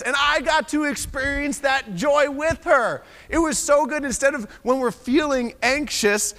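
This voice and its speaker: A man's voice: very high-pitched, measured pace, hardly any pauses, sharp tone. A young man from Pennsylvania giving a casual, self-deprecating sermon with bits of humor as a guest preacher. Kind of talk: conversational sermon. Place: church sanctuary. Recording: long reverb of a large hall.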